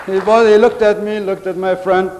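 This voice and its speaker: High-voiced man telling funny stories in a hall. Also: flat delivery, moderate pace, darkish tone, slight background noise. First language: Arabic. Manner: storytelling, acting out quoted characters. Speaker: contest speaker. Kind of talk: humorous public speech. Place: large hall on stage. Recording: hall with long reverb.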